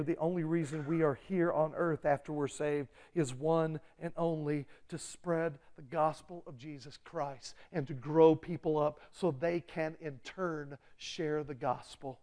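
A man preaching a sermon, urgent and pleading, dropping low and quiet, then rising loud and fast. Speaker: pastor.

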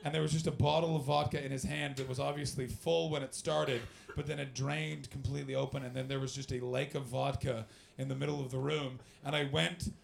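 With hardly any pauses, a young Canadian comedian rattles off loose, profane, animated stories and banters with the crowd. His mid-range voice is fairly quick, with vocal fry, and a little background noise can be heard.

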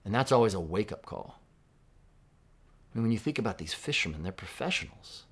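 Low-voiced man preaching conversationally. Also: big pitch swings, a little fast, slightly rough. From Southern California. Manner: conversational, reflective, with dramatic hushed quotes. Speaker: pastor. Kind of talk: sermon.

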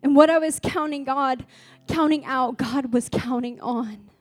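In a high-sitting voice and a slightly slow pace, a woman gives a sermon to a congregation in a gathering room, sharing her testimony earnestly before building to fervent exhortation. There's no echo, and soft music plays in the background.

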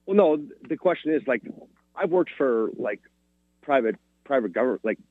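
A man's voice: medium pitch, lively intonation, normal speed, no room sound. A man from Ontario calling in to a radio show over the phone, rambling and frustrated. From Ontario, Canada. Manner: rambling, frustrated, many "like" fillers. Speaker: caller. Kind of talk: phone-in conversation. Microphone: telephone. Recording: tinny phone line into radio studio.

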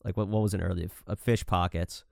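A man co-hosting a podcast in casual chat, animated and profane, acting out quotes as he talks about directing. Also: sits low, brisk, gravelly, no room sound, studio quality. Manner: animated, swears a lot, acts out quotes.

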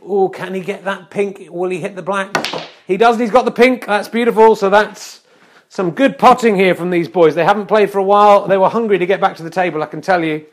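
A man with a fairly high voice delivers tongue-in-cheek snooker commentary. He keeps a mock-serious broadcaster's tone while slipping in dry, wry asides. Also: fairly even intonation, brisk. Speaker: comic mock sports commentator.

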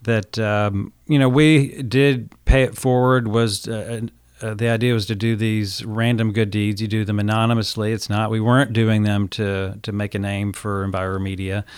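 A man's voice: lowish voice, flat delivery, moderate pace, clean tone, dry recording. A man appearing as a guest author on a radio show, telling a story earnestly with many fillers, on a studio microphone. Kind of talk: radio interview.

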